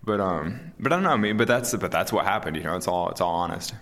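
A man in his thirties, an interview guest talking casually and calmly, with many fillers and restarts. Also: sits low, fast talker. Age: 30s. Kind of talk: casual conversation.

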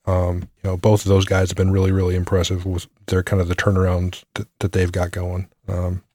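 A man's voice: low voice, completely flat delivery, fairly quick, darkish tone, no room sound, studio quality. A man co-hosting a sports podcast, chatting casually and hedging with fillers. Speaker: podcast co-host.

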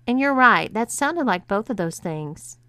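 A woman's voice: mid-range voice, animated, measured pace, sharp tone, clean tone, no echo. A woman reading the part of a bossy adult woman who taunts and gives orders. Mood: commanding. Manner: taunting, commanding.

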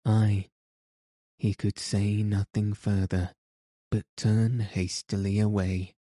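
Man, audiobook narrator, very slow measured reading, deep mellow tone, dry close sound. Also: flat delivery, dry recording. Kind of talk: storybook reading of a classic tale.

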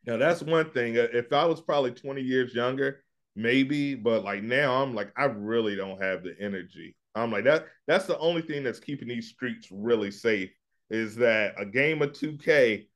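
A man's voice: mid-range voice, normal speed, a bit bright. A middle-aged man chatting casually on a podcast, telling laid-back stories and acting out his own lines. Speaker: podcast co-host. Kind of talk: casual chat.

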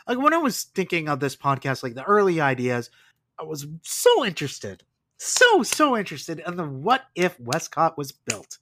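A man's voice: fairly high pitch, moderate pace, no room sound. A man hosting a podcast, narrating history casually with wry asides. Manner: animated storytelling with asides and laughs. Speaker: podcast host.

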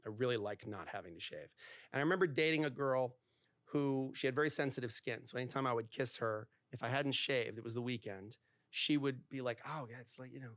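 A man, a divorce lawyer, talking candidly as a podcast guest, animated and acting out the dialogue in his stories, with lots of "like". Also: medium pitch, fairly quick, no echo, studio quality. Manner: animated storyteller who acts out quoted dialogue, heavy use of "like".

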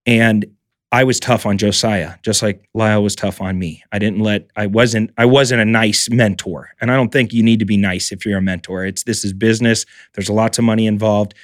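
Animated, swearing podcast host. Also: male voice, fairly low pitch, no room sound, studio quality. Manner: animated storyteller, swears freely. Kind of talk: casual podcast conversation.

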